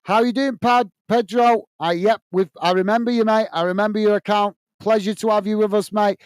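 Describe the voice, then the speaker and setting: A man's voice: high-pitched, fairly even intonation, fairly quick, smooth, no room sound. A man hosting a casual live stream, reading viewer comments aloud and chatting with many uhs. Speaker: host reading live chat.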